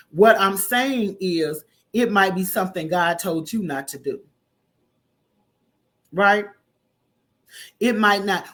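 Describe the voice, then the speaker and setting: A woman preaching a conversational sermon, calling listeners honey and baby and breaking into loud emphatic bursts. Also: mid-range voice. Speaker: prophetess preaching online.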